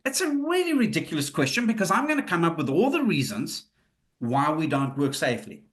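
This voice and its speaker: A man's voice: a little high, sing-song, fairly quick, fairly bright tone. Man presenting a webinar. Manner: conversational, acts out quoted questions and replies. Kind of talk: live webinar talk.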